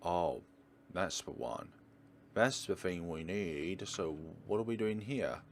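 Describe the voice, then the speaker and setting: A man's voice: deep voice, lively intonation, slow pace, a little hiss or hum. A man hosting a let's play, giving chatty, rambling gameplay commentary with jokes.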